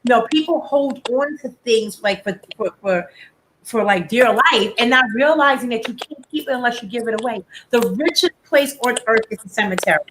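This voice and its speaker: Woman host of a home live stream, slightly high, animated and chatty, faint background noise. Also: moderate pace. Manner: chatty and animated, frequent "like" fillers. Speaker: host of a live beauty chat. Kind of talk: casual live-stream chat.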